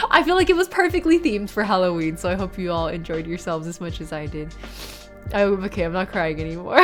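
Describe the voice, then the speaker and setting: A young woman streamer reads documents aloud flatly and chats with her viewers, turning tearful and giggly. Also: high voice. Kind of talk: live-stream reading and chat.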